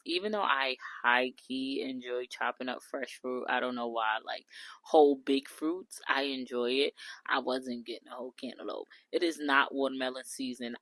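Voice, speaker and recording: A woman's voice: very deep voice, a bit bright, no room sound. A woman, chatting through a cooking vlog, blunt and talking straight to viewers. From New York City. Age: 30s. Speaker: food vlogger. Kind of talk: casual cooking vlog voice-over.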